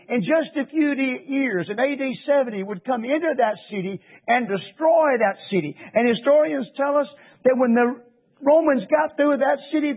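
A man preaching a sermon, pressing his listeners with impassioned rhetorical questions. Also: extremely high pitch. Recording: tinny phone-like radio broadcast.

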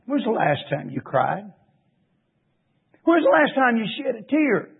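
A preacher with a strikingly high, husky male voice fires impassioned rhetorical questions at his congregation. The audio is thin and tinny, as if heard over a phone line. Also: big pitch swings, measured pace. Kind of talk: sermon. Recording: tinny phone-like radio broadcast.

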